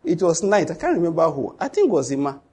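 A middle-aged man, preaching a sermon in an animated storytelling way. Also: on the high side, fast talker, slightly rough. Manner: storytelling, animated, with sudden loud acted outbursts. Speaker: pastor.

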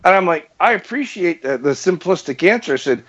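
Through muffled lo-fi sound comes a high-pitched, slightly rough male voice speaking fairly quickly. The New England speaker tells a long, casual story with lots of animation, acting out the dialogue and laughing frequently.

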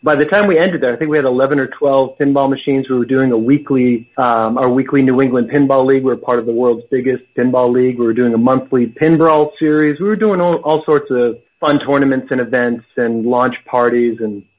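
A man's voice: medium pitch, a little fast, few pauses. A man from Massachusetts, a guest talking casually with lots of fillers and easy laughs. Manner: chatty, laughs easily, many fillers. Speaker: guest, pinball operator. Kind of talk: casual chat. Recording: tinny phone line.

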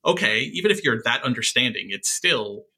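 A man with a very bright, forward tone that cuts through clearly, talking over a TV episode with his co-host. He thinks out loud, pausing on fillers and restarting phrases as he works through each scene. His pitch sits in an everyday middle range. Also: lively intonation. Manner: thoughtful, halting with frequent fillers. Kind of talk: casual recap discussion of a TV episode.

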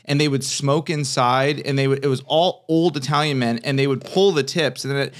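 A man in his thirties, a comedian chatting casually on a podcast and telling animated stories full of restarts. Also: medium pitch, a little fast, hardly any pauses. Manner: animated storyteller, restarts and fillers. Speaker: comedian guest.

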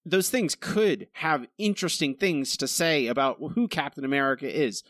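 A man talking in a fairly high, animated voice as he rants in casual podcast chat. He slips into mocking quoted voices when he gets exasperated. The sound is dry and close, with no room around it. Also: normal speed, no room sound. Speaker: podcast co-host reviewing comics.

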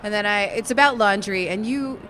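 A woman co-host chats with a convention guest and gushes about him openly. Her voice is bright and forward. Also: medium pitch, a little fast, slight background noise. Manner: gushing, effusive. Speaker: podcast co-host interviewer. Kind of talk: casual convention interview chat.

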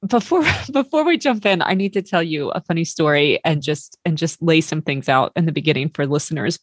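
A chatty podcast host from Maryland tells warm stories, heavy on fillers, while interviewing a guest remotely in a relaxed conversation. She has a low, expressive voice and speaks fairly quickly. The recording is dry and studio quality.

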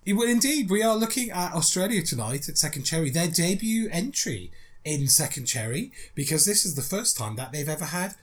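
A man co-hosting a podcast in casual chat, talking in a lively way and laughing often. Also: a little high, fairly quick. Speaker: podcast co-host.

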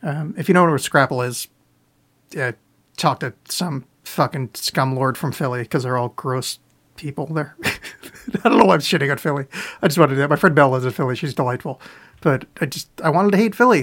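A man's voice: on the high side, expressive, a little fast, fairly bright tone. A man hosting a podcast live, answering listener questions in loose, profane, self-mocking chat, with a sore throat. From US East Coast. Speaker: podcast host. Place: home, live on video stream.

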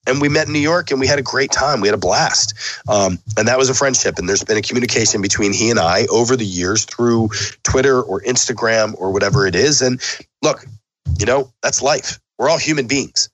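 A man's voice: mid-range voice, a little fast, fairly bright tone, no room sound, rough recording. A man hosting a podcast, talking casually and bluntly with some swearing, his voice sick and sniffly. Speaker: podcast host. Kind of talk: casual sign-off monologue.

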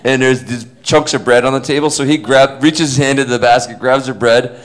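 This middle-aged convention panel guest has a mid-range voice and talks a little fast. He shares funny anecdotes casually on stage, performing the quotes along the way in animated fashion.

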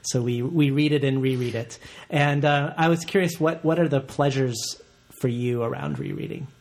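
A man's voice: medium pitch, fairly even intonation, normal speed, creaky, darkish tone. A man interviews an author and asks long, winding questions. He hesitates often, with fillers and repeated words, and restarts his sentences several times before he gets to the point.

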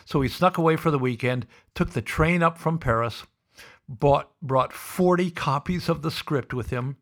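Man telling a lively showbiz story. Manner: acts out the people he quotes with lively pitch jumps. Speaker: podcast host. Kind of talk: animated anecdote storytelling.

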